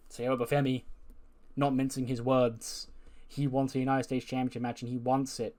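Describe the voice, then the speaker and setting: Guy chatting thru his wrestling game run, casual, average pitch. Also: little pitch movement, normal speed, darkish tone. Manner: chatty, retelling scenes. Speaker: let's play narrator.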